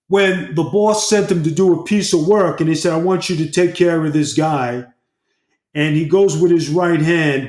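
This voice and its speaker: A man co-hosting a podcast as a mob historian, talking bluntly and profanely in a rambling way. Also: a little high. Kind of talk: casual podcast chat. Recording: roomy echo.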